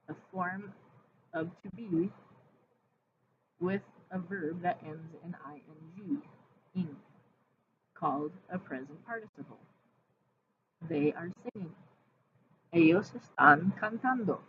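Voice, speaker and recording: A woman Spanish teacher reading her lesson slides aloud, explaining grammar step by step and spelling words out letter by letter. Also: lowish voice. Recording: tinny phone-like audio with faint hiss.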